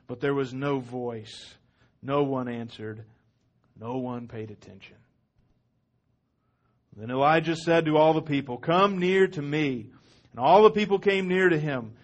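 A man, a pastor, reading a long scripture passage aloud to his congregation with dramatic rises on the quoted lines. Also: high-pitched. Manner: expressive dramatic reading, rising loud on quotes.

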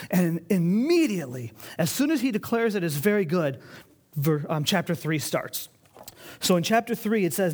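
A man preaches a sermon in a voice a little above the usual male pitch. He reads scripture aloud and then talks it through with plain, everyday examples. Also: animated, fairly quick, darkish tone. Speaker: pastor.

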